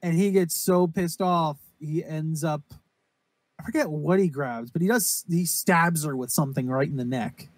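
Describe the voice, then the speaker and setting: A man's voice: on the high side, moderate pace, no room sound. A man co-hosting a casual podcast, rambling and swearing while he recaps a story and acts out its quotes. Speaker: podcast co-host. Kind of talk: casual chat recapping a horror anime.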